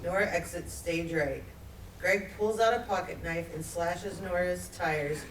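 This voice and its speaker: A woman reading stage directions aloud in a plain, even way during a play reading, recorded from across a theatre. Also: fairly low pitch, a little slow, a little hiss or hum. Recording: roomy theatre, mic far off.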